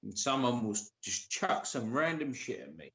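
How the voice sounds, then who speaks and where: A man's voice: medium pitch, very animated, normal speed, fairly bright tone, echoey room. A man hosting a live stream, talking casually and acting out both sides of arguments, with plenty of swearing. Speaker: streamer host.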